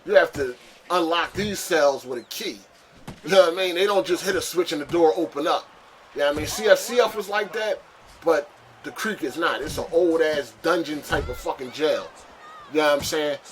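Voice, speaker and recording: Animated, profane young man spinning a story. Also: moderate pace. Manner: animated, profane, street slang, jumps into high-pitched shouts for emphasis. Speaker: vlogger telling a story. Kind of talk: casual storytelling monologue.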